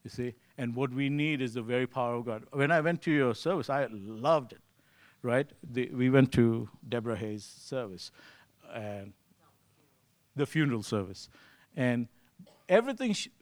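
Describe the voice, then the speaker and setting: Male preacher, conversational sermon, mid pitch, acts out quotes. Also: expressive, moderate pace. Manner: conversational, repeats "you see"; acts out his own inner voice in quotes.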